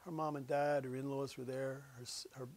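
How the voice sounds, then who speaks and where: A middle-aged man, a pastor, telling a personal story in a folksy, conversational way during a meditation, sometimes dropping to a hushed whisper. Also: medium pitch, little pitch movement, fairly quick. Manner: drops to a hushed whisper for solemn moments.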